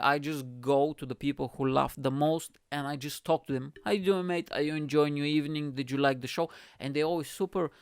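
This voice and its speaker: A man's voice: on the high side, clear, resonant tone, dry recording, studio quality. A man hosting his own podcast, a stand-up comedian telling a rambling story in a chatty way, swearing freely and calling listeners "mate". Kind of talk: casual storytelling monologue.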